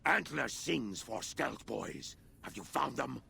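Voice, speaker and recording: Nightkin mutant, video game, gravelly, deep, lively swoops, third-person speech. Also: male voice, slow pace, exaggerated voice. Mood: menacing. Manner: speaks of himself in the third person. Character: hulking male nightkin mutant, slow and menacing.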